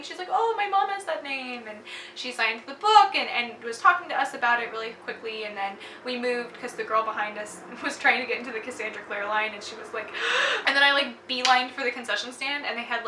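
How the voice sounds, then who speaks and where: Young Texan woman, gushing chatty storyteller, higher voice; roomy, distant sound. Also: pushed and bright, a little hiss or hum. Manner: gushing, lots of "like" and laughs. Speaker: book vlogger. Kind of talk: casual storytelling recap.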